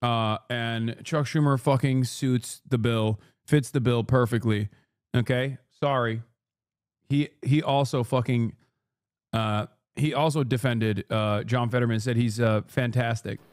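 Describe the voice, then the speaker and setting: A man streaming political commentary, ranting in profane, exasperated, fast bursts with frequent fillers. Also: mid-range voice, steady tone, clear, resonant tone, dry recording, clean studio sound. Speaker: streamer reacting to clips.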